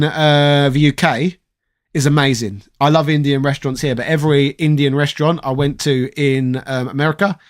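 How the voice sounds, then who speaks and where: A man's voice: a little high, fairly bright tone. A man of around forty, from southeast London, hosting a casual livestream in a put-on posh English accent, reading chat and giving opinions with plenty of swearing. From southeast London, England. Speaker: host reading live chat.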